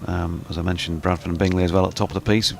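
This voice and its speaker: A man's voice: low voice, little pitch movement, fast, creaky, a little hiss or hum. A man co-commentating on a live cricket match, adding background and wry, dry stories alongside the play.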